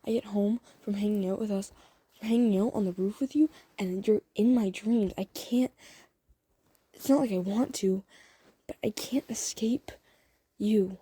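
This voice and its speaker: A flustered young man, as a woman acts him out, stumbles through a breathy, half-whispered confession. His voice is mellow and soft-edged, and he keeps stammering and restarting. It is a whispered role-play. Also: mid-range voice, steady tone, a little slow, no room sound.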